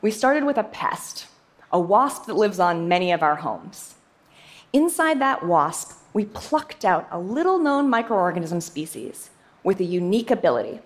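A young adult woman scientist giving a prepared public talk with a lively, emphatic delivery and playful asides. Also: medium pitch, normal speed.

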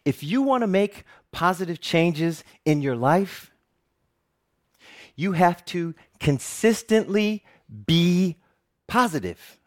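Lively middle-aged man telling stories. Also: high voice, slow pace. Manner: animated, jokey storyteller who laughs often. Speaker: TV presenter giving a talk. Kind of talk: personal storytelling talk.

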